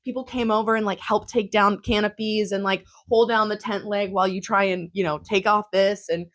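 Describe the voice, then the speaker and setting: A woman's voice: medium pitch, steady tone, a little fast, a bit bright. Young adult woman, casual vlog recap, chatty and laughing often. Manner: chatty, giggly, lots of fillers. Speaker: vlogger.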